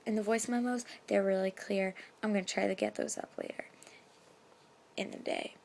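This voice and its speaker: A woman's voice: medium pitch, steady tone, normal speed, gravelly, darkish tone, a little hiss or hum. A young woman telling a story in a casual vlog, chatty, with lots of fillers, often slipping into a whisper, filmed on her phone in her bedroom at night. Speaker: vlogger. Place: bedroom at night, window open. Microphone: phone camera.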